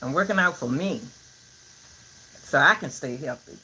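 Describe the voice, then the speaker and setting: An older woman talking casually to her viewers in a vlog, giving folksy, preachy advice in an animated way. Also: low-pitched, moderate pace, a little hiss or hum, poor audio. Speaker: vlogger.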